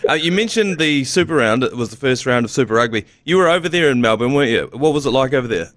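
A New man hosting a sports podcast, chatting in a jokey, relaxed way. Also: medium pitch, fast talker, no room sound. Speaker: podcast host. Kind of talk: casual chat.

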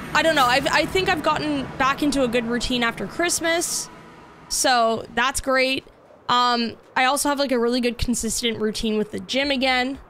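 A woman's voice: sits high, noisy background. A young woman live-streaming a game, chatting casually with lots of "like" and reacting to what happens on screen. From Canada. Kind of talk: casual live-stream chat while gaming. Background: faint background music.

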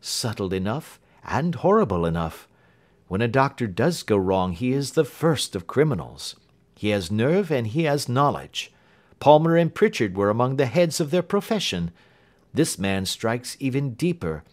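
A man reading an audiobook who voices a keen, confident Victorian male detective, raising his voice and explaining briskly. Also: medium pitch, voice pushed up. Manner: brisk, lively, lecturing.

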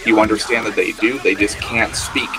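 A man hosting a podcast, chatting casually and rambling excitedly, swearing now and then. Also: on the low side, normal speed, over music. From Australia. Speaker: podcast host. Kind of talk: casual podcast interview chat.

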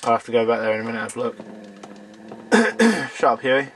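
Excitable man reacting to a game. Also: mid-range voice, moderate pace, a little hiss or hum. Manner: excitable, swearing, talks to game characters. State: losing his voice. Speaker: let's player. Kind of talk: gameplay commentary.

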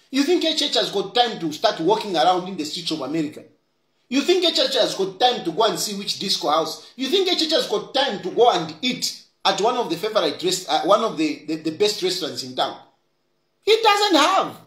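A man's voice: high-pitched, a bit bright, echoey room. A man with a Zambian accent giving argumentative political commentary full of rhetorical questions. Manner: argumentative, rhetorical questions, mixes English with Bemba.

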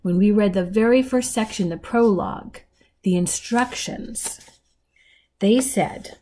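A woman teacher reading a novel aloud to her students and pausing to explain details. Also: medium pitch, dark tone. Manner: explanatory, guiding readers through details.

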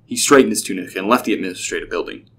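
Low-voiced man narrating a story. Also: very fast, slight background noise.

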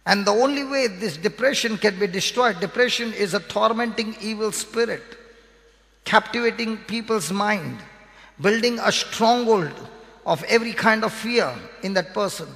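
A man's voice: sits high, moderate pace, gravelly, a bit bright. A man with an Indian English accent preaching a sermon, repeating key phrases and quizzing his listeners with questions. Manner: repetitive, emphatic teaching with call-and-response questions. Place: church hall. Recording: reverberant hall.

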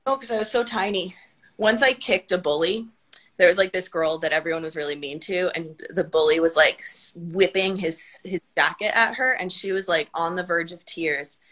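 A woman guest tells stories casually over a video call. Her voice is bright and sharp, and she jumps into other people's voices as she quotes them. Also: on the low side, moderate pace. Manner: lively anecdote-telling with quoted voices. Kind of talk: casual chat.

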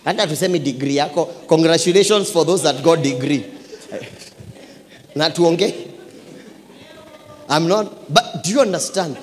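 A man preaching a lively sermon with a fairly high voice. He drops to hushed asides, then rises to loud exclamations, and he repeats phrases for emphasis. His voice rings through a church hall with a long reverb. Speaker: pastor.

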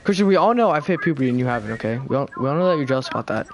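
A man's voice: medium pitch, lively intonation, rapid-fire, slight background noise. A man chatting casually while playing a multiplayer game with friends, teasing them and laughing often.

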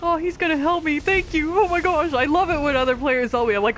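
A woman's voice: extremely high pitch, moderate pace, a bit bright, a little hiss or hum. A woman giving casual, bubbly and self-mocking commentary while playing an online game. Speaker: gaming youtuber.

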